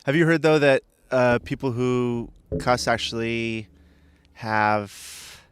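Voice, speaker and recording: A man's voice: medium pitch, slow, clean tone, dry recording. A man chatting casually as a podcast guest, rambling and hesitant with lots of filler words.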